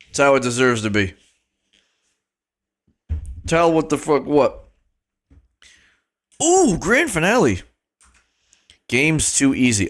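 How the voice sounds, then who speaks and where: A man streaming a game live, joking at himself and swearing, with sudden excited yelps. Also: medium pitch. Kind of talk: live gameplay commentary.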